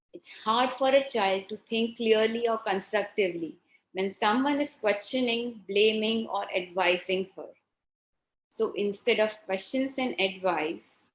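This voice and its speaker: A woman's voice: medium pitch, reverberant, poor audio. A middle-aged woman presenting a parenting workshop, asking her audience questions and acting out what parents and children say. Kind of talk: live workshop lesson.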